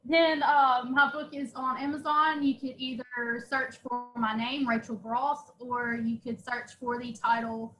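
A woman's voice: sits high, flat delivery, measured pace, few pauses, over music. A woman with a slight Southern twang, a guest author on a podcast, giggly and stumbling a little over words. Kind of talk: casual podcast chat. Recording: echoey room with faint noise.

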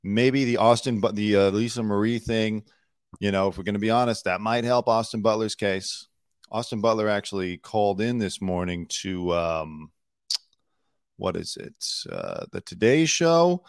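A man's voice: lowish voice, normal speed, smooth, no echo, clean studio sound. A man hosting his own commentary show, talking in a chatty, opinionated way with lots of fillers. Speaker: host. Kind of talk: solo news commentary show. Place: home studio in Los Angeles.

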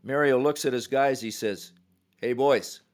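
Older man, retired referee guest on a podcast, lively storytelling, acts out quotes, from Canada. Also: mid-range voice, a little slow. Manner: animated storyteller acting out quotes.

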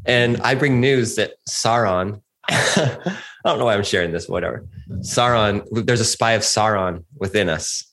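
A man's voice: lowish voice, unhurried, a bit bright. A man in his forties co-hosting a podcast, chatting casually in a rambling, reflective way with frequent laughs. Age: 40s. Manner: rambling, reflective, laughs often, restarts sentences. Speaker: podcast co-host. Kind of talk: casual chat.

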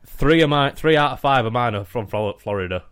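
A man's voice: medium pitch, lively intonation, a little fast, a bit bright, clear, resonant tone, no room sound, clean studio sound. A young man co-hosting a podcast, joking crudely and matter-of-factly in casual banter. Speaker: podcast co-host.

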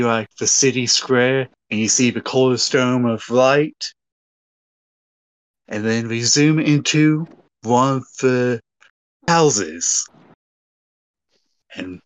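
A man on a casual podcast, talking slowly and haltingly as he lays out a scene shot by shot like camera directions. His voice is mid-pitched and sits dry and close to the mic, with no room sound around it. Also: clean tone, dry recording. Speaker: podcast co-host. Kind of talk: casual podcast chat, narrating a story scene.

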